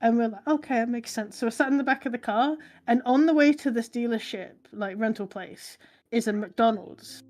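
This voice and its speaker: A woman's voice: a little high, fairly even intonation, normal speed, a little mellow. A young woman casually telling rambling stories and laughing at them. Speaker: co-host. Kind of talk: casual storytelling chat. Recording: faint music behind.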